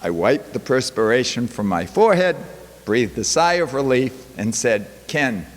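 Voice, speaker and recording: A man's voice: medium pitch, sing-song, normal speed. Man lecturing in a reverberant chapel. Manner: wry storytelling with quoted asides. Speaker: guest speaker, professor. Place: college chapel. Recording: long hall reverb.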